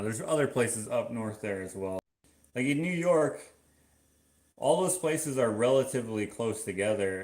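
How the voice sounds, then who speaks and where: A man from Canada chatting casually in a vlog, rambling and halting with many fillers and restarts. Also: fairly low pitch, echoey room. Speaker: vlogger. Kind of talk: casual chat.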